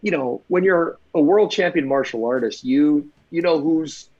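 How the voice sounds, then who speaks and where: A man's voice: on the high side, normal speed, husky, highs cut off. A man from the Midwestern United States, a fight choreographer guest, telling anecdotes in an interview and acting out the voices of people in his stories. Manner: lively anecdotes with animated quoted voices. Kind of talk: storytelling interview chat.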